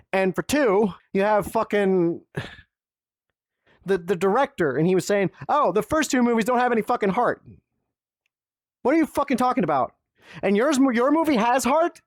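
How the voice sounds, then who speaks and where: A man's voice: sits high, no echo. A man giving an angry, profane film review rant, exasperated and sarcastic.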